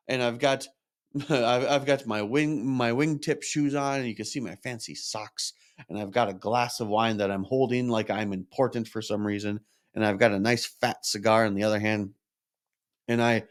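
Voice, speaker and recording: A man's voice: medium pitch, measured pace. A man, a podcast host, telling a personal story in a candid, self-reflective monologue, openly frustrated and swearing at times.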